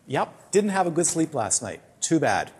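A man's voice: a little high, sing-song, moderate pace, a little mellow, husky. British man teaching meditation, conversational. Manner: conversational, anecdotal, acts out quoted complaints. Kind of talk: teaching talk to a retreat group.

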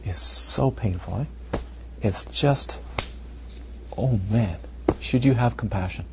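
A male meditation teacher giving a dharma talk, animated and rhetorical, sometimes dropping to near whispers, on a muffled recording. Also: mid-range voice, slow pace, creaky. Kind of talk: dharma talk to retreat students. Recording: muffled lo-fi recording with faint noise.

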